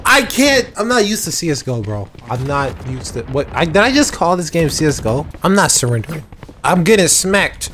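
A gamer giving excited, trash-talking commentary while playing a shooter game. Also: medium pitch, normal speed, a little hiss or hum. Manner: hyped, whooping, trash-talking. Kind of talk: live gameplay commentary. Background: faint game music and gunfire.

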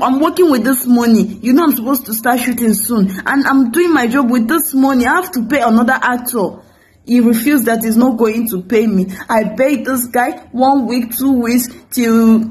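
A woman's voice: high voice, low-quality recording. A young woman with a Nigerian English accent, a film producer, tearfully pleading into the camera, repeating herself as she begs. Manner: pleading, repetitive, breaking into tears. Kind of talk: emotional direct-to-camera appeal.

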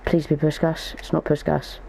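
A man's voice: a little high, completely flat delivery, normal speed, vocal fry, mellow, a little hiss or hum, rough recording. A young man giving casual gaming commentary as a YouTuber, thinking aloud as he goes. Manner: chatty, thinks aloud while opening packs.

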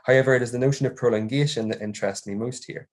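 With a medium pitch and fairly even intonation, a young man who is a doctoral researcher reads an academic paper in a measured, formal manner, calling out each quotation as he goes.

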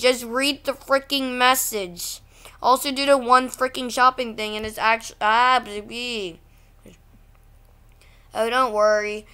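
A woman's voice: on the high side, fairly even intonation, pushed and bright, clear, resonant tone. A woman hosting a casual vlog, reacting to things online in a ranting, exasperated way. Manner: ranting, easily exasperated, slow-talking. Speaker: channel host.

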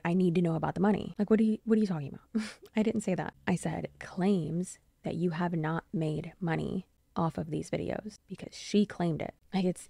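A young adult woman hosting a commentary vlog, answering criticism in a measured, pointed way. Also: fairly low pitch, vocal fry, warm tone, no echo. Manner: measured, pointed rebuttal with occasional dry laughs. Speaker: YouTube commentary host.

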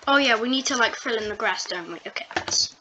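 A woman's voice: fairly high pitch, animated, fast talker. A woman chatting casually alongside a gaming video as a friend, teasing and wisecracking. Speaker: co-commentator friend. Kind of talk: casual chat. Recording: clear background noise.

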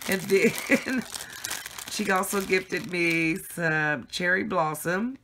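A woman's voice: lowish voice, slow pace, a bit bright, slight background noise. A woman chatting casually and giggling as she unboxes gifts for her viewers at home. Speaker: craft vlogger.

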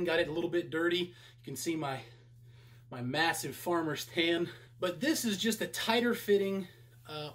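A young man talking in a casual how-to vlog, candid and poking fun at himself. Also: high-pitched. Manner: candid, self-deprecating, conversational. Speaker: vlogger.

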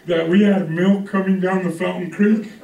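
A man's voice: sits high, little pitch movement, normal speed, vocal fry, mellow. Preaching man in an echoey church. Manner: conversational preaching with call-outs to the congregation. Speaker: pastor. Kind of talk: sermon. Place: church hall. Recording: echoey room from a distance.

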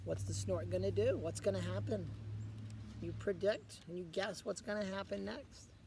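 A man reading a picture book aloud to children as a guest reader, pausing often to ask the children questions. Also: sits high, creaky, darkish tone, a little hiss or hum.

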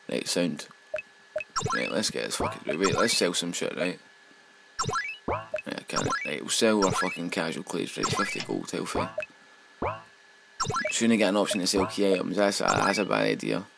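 A man with a Scottish accent giving sweary, excitable let's play commentary as he plays a game. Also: low voice, normal speed, vocal fry, long pauses, music in the background, low-quality recording.

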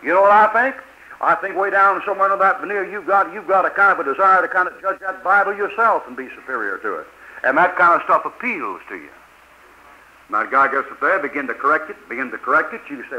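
A man's voice: a little high, very animated, a little fast, bright, forceful tone, slight background noise. An older man preaching a sermon, firing off rhetorical questions in folksy grammar. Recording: old lo-fi tape recording.

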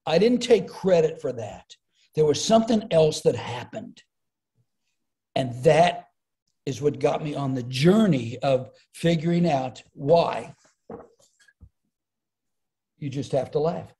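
A man's voice: fairly high pitch, unhurried, pauses often. A middle-aged man, a comedian, telling stories in conversation and acting out the voices he quotes. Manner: animated, acts out quoted voices. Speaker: comedian and speaker, podcast guest. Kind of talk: storytelling in conversation.

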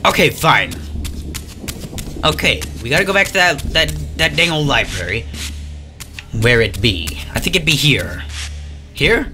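A man with a high, very lively voice commentates his gameplay in a slow drawl, sarcastic and openly frustrated with the game. Game music plays clearly behind him. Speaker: let's play gamer.

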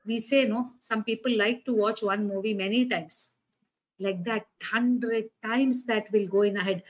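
A woman's voice: medium pitch, fairly even intonation, a little slow, poor audio. A woman preaching a conversational sermon, asking rhetorical questions and repeating words for emphasis.

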